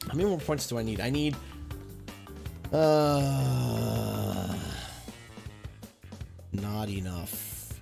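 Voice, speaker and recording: A chatty young adult gaming streamer with a Canadian accent gives live gameplay commentary, thanking viewers and muttering about the game. He speaks very slowly in a mid-range voice with vocal fry and frequent pauses, over music.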